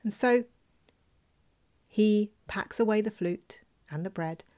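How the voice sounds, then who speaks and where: A woman telling a folk tale in a lively, expressive way, dropping at times into a whisper. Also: medium pitch, slow. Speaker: storyteller.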